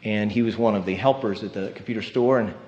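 A man's voice: lowish voice, fast talker, darkish tone. A man preaching a sermon in a conversational, storytelling way, often asking his listeners "right?". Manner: conversational, storytelling with tag questions. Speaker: pastor. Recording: muffled lo-fi sermon recording.

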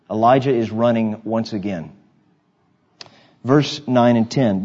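A man's voice: medium pitch, moderate pace, a little mellow, muffled recording. A male pastor preaching a sermon in an emphatic, conversational way, with asides to his congregation.

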